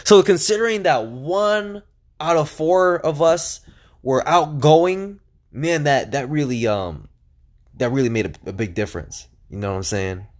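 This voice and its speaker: A young man talking alone on his podcast in a casual, energetic and chatty way, with lots of fillers and restarts. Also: on the high side, a little slow. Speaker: podcast host. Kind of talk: casual solo podcast monologue.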